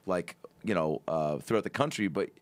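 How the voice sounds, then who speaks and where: A man's voice: deep voice, a little fast, no echo. A man co-hosting a podcast, joining in with loose, laughing banter. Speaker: podcast host. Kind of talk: casual podcast chat.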